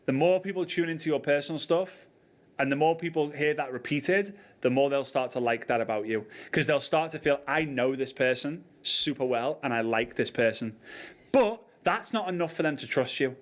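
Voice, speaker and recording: A man's voice: a little high, expressive, fairly quick. A man coaching an online class, chatty, repeating his points and checking in with the listeners. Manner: chatty, repeats points, asks "right?" often. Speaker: network marketing coach.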